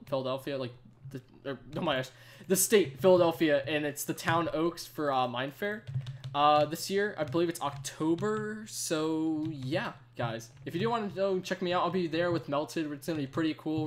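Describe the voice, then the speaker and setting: A young man streaming a game live, out of breath and chatting in a rambling way full of "like". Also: a little high. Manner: rambling, chatty, says "like" a lot. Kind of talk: casual live stream chat.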